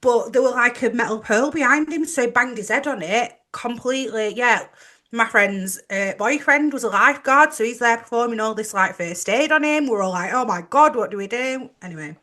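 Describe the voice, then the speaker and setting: A woman's voice: on the high side, a little fast, bright, forceful tone. A woman co-hosting a chatty podcast, telling stories and laughing often. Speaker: podcast co-host. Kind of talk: casual chat.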